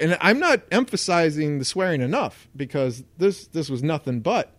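A man co-hosting a casual podcast, telling a story in a lively way and acting out the voices of the people in it. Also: on the high side, normal speed, few pauses, dry recording. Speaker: podcast co-host.

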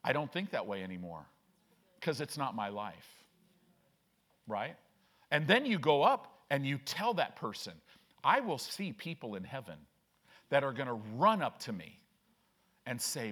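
A man's voice: medium pitch, very animated, a little slow, pauses often, fairly bright tone. A man preaching a conversational sermon as pastor, often asking "right?", acting out quoted voices and reading scripture aloud. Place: church sanctuary.

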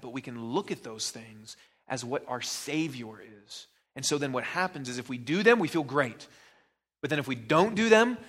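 A man's voice: medium pitch, fairly bright tone. A male pastor giving a sermon in a conversational way, with joking asides to the congregation.

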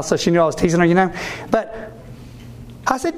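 An animated male priest preaching to a gathering of ministry workers. He acts out the people he quotes, jumping into their voices, and keeps checking in with his listeners. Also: high-pitched, fast, slight background noise. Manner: asks the audience for agreement. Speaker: Catholic priest. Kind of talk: sermon-style talk to ministry workers.

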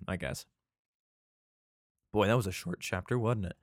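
A man's voice: on the low side, expressive, a little fast, no room sound, clean studio sound. A male podcast host reads scripture aloud. He stumbles over words and breaks off for profane, irreverent asides. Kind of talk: casual scripture reading with commentary.

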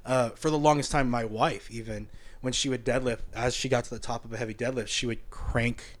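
A man's voice: medium pitch, steady tone. A man who coaches powerlifting, a guest in a casual chat, easygoing and joking. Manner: easygoing, joking, quick to laugh along.

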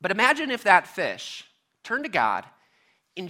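A man's voice: sits high, huge pitch swings, measured pace, pushed and bright. A man preaching a sermon as a pastor, casual and conversational with filler words and light humor.

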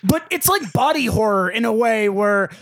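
A man's voice: high voice, lively intonation, normal speed, a bit bright, dry recording. A man co-hosting a casual movie-review podcast, sarcastically recapping the plot. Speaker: podcast co-host.

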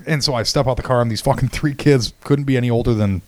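A man's voice: mid-range voice, fast talker. A man from Michigan telling a wild story in casual podcast chat, swearing often and laughing as he goes. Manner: profane, laughing, animated storytelling.

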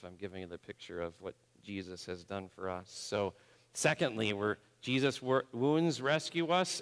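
A man's voice: lowish voice, fairly bright tone. A man preaching a sermon, moving between impassioned appeals, prayer and vivid storytelling. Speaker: pastor. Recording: long hall reverb.

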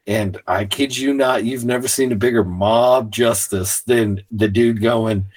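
A man in casual podcast chat, talking animatedly and swearing often, acting out quotes with sudden shouts. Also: mid-range voice, steady tone, measured pace.

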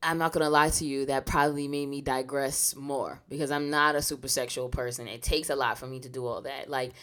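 A woman's voice: rumbling low, fairly even intonation, a little fast, fairly bright tone, clear, resonant tone. A woman co-hosting a podcast in casual, frank chat, often saying "you know" and laughing easily. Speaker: podcast co-host.

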